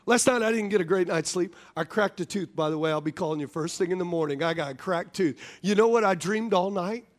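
High-voiced man preaching a joking sermon. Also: a little fast, hardly any pauses. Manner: joking, laughs often. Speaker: pastor. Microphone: wireless stage mic.

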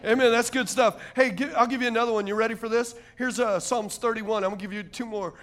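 A middle-aged man preaching a sermon as pastor, energetic and fervent, often dropping to a hushed aside. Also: very high-pitched, quick pace.

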